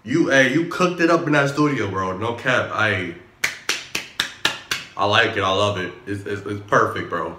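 A man hosting a music reaction video, talking casually with excitable slang and repeated exclamations. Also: lowish voice, moderate pace, noisy background. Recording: echoey room with music playing. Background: song playing in background.

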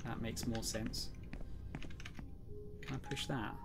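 Over music, a young gamer chats on a live stream, saying hello to viewers and sinking into a quiet mutter while he solves puzzles. He speaks slowly in a steady, medium-pitched voice with vocal fry.

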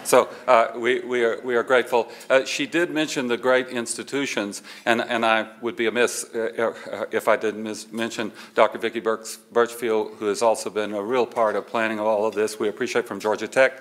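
A man's voice: fairly low pitch, little pitch movement, moderate pace, few pauses, fairly bright tone. A man hosting a luncheon program, thanking people and speaking hesitantly with many fillers and restarts. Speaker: event host. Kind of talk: announcing at a luncheon.

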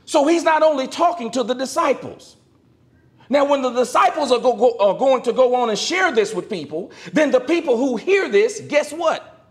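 A minister preaching with a very high voice that climbs and falls all over the place. He drops into low asides, then bursts out loud, and keeps asking the congregation for an amen. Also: animated, normal speed. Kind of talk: sermon.

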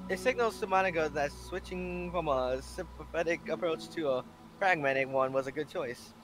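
A man's voice: on the high side, moderate pace, noisy background. A man reading the narration of a visual novel in a casual let's play, laughing now and then. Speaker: gamer.

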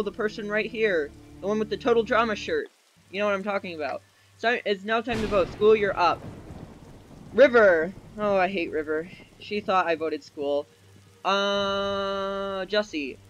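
A young man with a notably high voice narrates a game from his desk at home, bursting into excited cheers and yelps between rambling asides. Faint game music plays underneath him. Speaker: gaming video creator. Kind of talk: let's play commentary.

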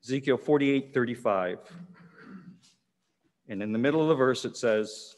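A man, preaching a sermon in a measured way, repeating key phrases with pauses, in a church hall. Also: mid-range voice. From Canada. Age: 60s. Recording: long echoing church reverb.

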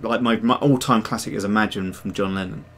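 A man's voice: on the low side, steady tone, fairly quick, a little hiss or hum. A man hosting a casual livestream, chatting to viewers in a rambling way with many fillers and restarts. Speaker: livestream host and digital sculptor.

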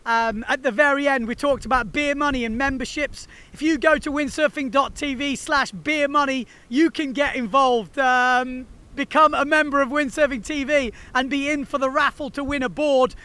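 A man's voice: very high voice, steady tone, moderate pace, few pauses, bright, forceful tone. A man hosting a windsurfing video, chatting casually and enthusiastically to the camera in slangy talk.

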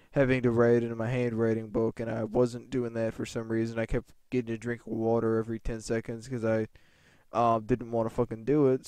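Male vlogger, casual rambling storytelling with heavy swearing, mellow smooth voice, even delivery. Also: mid-range voice, dry recording.

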